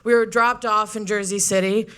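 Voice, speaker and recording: A woman's voice: medium pitch, fairly even intonation, normal speed, a bit bright, clear, resonant tone. A young woman comedian giving a brash, profane, sarcastic stand-up debate speech.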